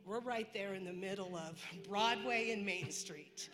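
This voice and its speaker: A woman's voice: medium pitch, measured pace, a crowd in the background. A woman from the congregation telling a personal story, chatty and quoting herself and others. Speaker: church member giving testimony. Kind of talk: personal testimony. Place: church hall. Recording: church hall reverb.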